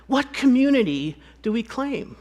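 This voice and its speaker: Animated woman telling stories on stage. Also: fairly high pitch, measured pace. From United States. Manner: animated, acts out dialogue, laughs often. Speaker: conference speaker. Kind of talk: storytelling conference talk.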